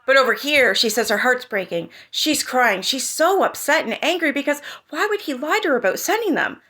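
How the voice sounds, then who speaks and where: A woman's voice: sits high, lively intonation, fairly quick, bright, forceful tone. A woman hosting her own channel, talking through online drama in a heated, profane way and firing off rhetorical questions. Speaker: commentary channel host.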